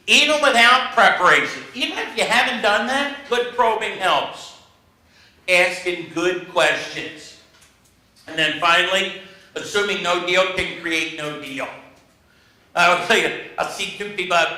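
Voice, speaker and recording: Man, negotiation trainer, high-pitched, very bright, humorous storytelling, echoey room. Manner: humorous, self-mocking storytelling. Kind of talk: workshop lecture to a class.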